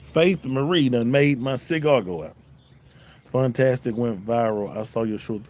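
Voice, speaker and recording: This middle-aged man with a Southern drawl hosts a casual YouTube livestream from home, cigar in hand, reading his chat and joking back easily. He speaks a little slowly, in a medium-pitched, darkish voice.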